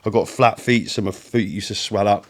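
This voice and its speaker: Deep-voiced british guy, swears a lot, rambling army stories on a podcast. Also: fairly even intonation, moderate pace. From United Kingdom. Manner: swears often, storytelling, acts out quotes. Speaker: podcast guest, entrepreneur. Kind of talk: casual chat.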